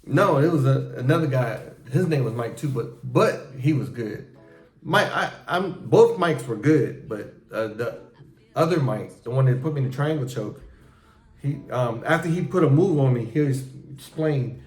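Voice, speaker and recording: A middle-aged man hosting a casual chat with his son, telling profane, animated stories about his past and acting out how he reacted. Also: medium pitch, normal speed. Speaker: show host talking with his son. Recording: echoey room with faint music.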